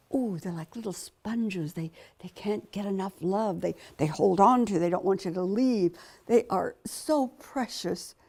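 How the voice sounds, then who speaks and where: An older woman tells her life story as a personal testimony, with a gravelly, creaky edge to her voice. She is a dramatic, animated storyteller who acts out the people she quotes. At tender moments she sinks to a hushed, breathy near-whisper. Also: medium pitch. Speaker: guest telling her testimony.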